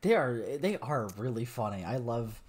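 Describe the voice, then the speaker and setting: A young American man co-hosting a podcast, chatting casually, animated, laughing often and trailing off into fillers. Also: medium pitch, normal speed, breathy edge. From United States. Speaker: podcast co-host. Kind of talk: casual chat.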